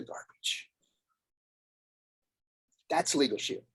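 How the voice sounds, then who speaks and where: A man's voice: fairly high pitch, brisk, poor audio. A man on a video call, telling a personal story in an earnest, folksy way as a guest speaker.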